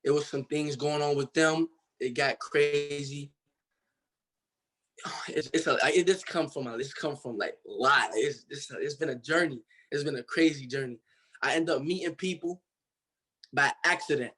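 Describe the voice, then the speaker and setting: A man's voice: fairly high pitch, normal speed, fairly bright tone. A young man from Cincinnati, Ohio, telling his story as a guest in a casual interview, in a loose, slangy way full of fillers. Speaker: guest artist.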